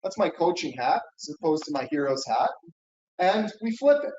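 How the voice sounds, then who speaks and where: Lively man giving a keynote in an echoey hall. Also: fairly high pitch, moderate pace, a little hiss or hum. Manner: lively, coaching tone, with frequent "right?" and "okay?" check-ins. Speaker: keynote speaker. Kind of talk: conference keynote talk. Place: conference hall. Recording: echoey hall, dull lo-fi sound.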